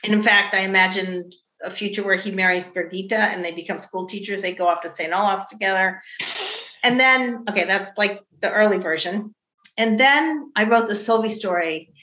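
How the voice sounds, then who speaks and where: Bright-voiced woman novelist, echoey room. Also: medium pitch, moderate pace. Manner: animated storytelling, acts out quoted family voices. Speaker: novelist discussing her book. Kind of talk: casual book discussion. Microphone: video call.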